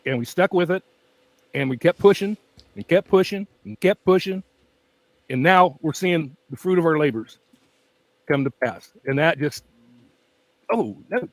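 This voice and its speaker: Expressive and unhurried with long pauses, this fairly high-pitched man runs a true-crime channel and chats loosely on a livestream at home among his pets. He laughs often, his weak voice tires quickly, and he sits right up against the mic, with poor audio and no room sound.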